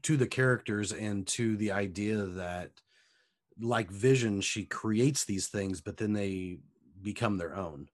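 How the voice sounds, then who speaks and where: A man co-hosting a podcast, speaking in a thoughtful, measured way in casual chat. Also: lowish voice, dry recording, clean studio sound. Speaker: podcast co-host.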